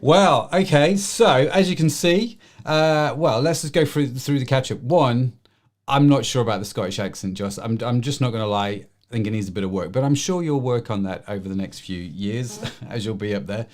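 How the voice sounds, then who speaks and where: Male host, casual chat, joking, loose delivery, mid pitch. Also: moderate pace, a little mellow. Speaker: livestream host.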